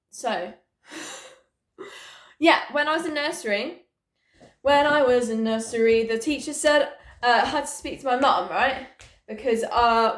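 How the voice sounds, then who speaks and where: A young woman tells stories from her childhood straight to camera, her voice pitched high. She chats loosely and swears freely, breaking off for cheeky asides. The sound carries an echo from the room at home. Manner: sweary, chatty, jokey asides, mimics her mum. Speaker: vlogger. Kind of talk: casual storytime chat. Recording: echoey room.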